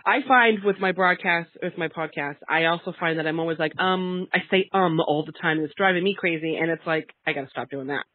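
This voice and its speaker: A man's voice: on the high side, fairly quick, hardly any pauses, no room sound. A man with a New England accent, hosting a podcast and telling stories in casual conversation. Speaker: podcast host. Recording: dry phone-like line.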